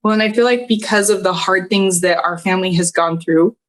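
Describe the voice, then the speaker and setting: An earnest woman in her thirties opens up as a podcast guest. Her medium-pitched voice wavers with emotion as she tells a personal story, and she laughs through the tears now and then. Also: brisk.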